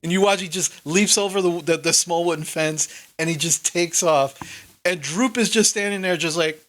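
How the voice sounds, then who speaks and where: A woman narrating as game master of a tabletop game, casual and laughing often. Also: on the low side. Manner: laughing, quick, loose narration.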